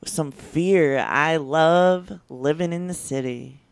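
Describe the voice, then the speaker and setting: A man co-hosting a radio show, blunt and crude, quick to throw in disgusted reactions. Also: a little high, gravelly, noisy background. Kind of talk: casual profane banter.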